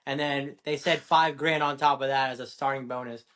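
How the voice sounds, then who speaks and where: A man's voice: mid-range voice, steady tone, fairly quick, pushed and bright. A man from Queens, a podcast guest, telling his army story in a rambling, self-correcting way. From Queens, New York City. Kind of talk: casual interview chat.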